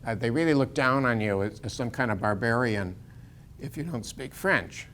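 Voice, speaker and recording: A man's voice: medium pitch, expressive, moderate pace, fairly bright tone, a little hiss or hum. An older American man lecturing as a university professor in a casual, digressive way, chuckling often and restarting his sentences. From United States.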